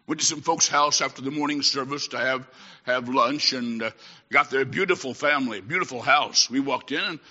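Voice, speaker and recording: A man preaching a sermon, swinging from shouted exhortation to hushed storytelling as a traveling preacher. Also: medium pitch, normal speed. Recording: echoey hall, dull lo-fi sound.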